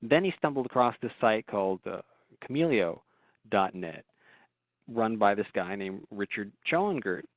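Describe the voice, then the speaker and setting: A man's voice: lowish voice, expressive, measured pace, no echo. A man in a casual radio talk, telling long rambling stories with restarts and laughs. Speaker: guest author. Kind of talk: casual storytelling on a call-in show. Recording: phone line.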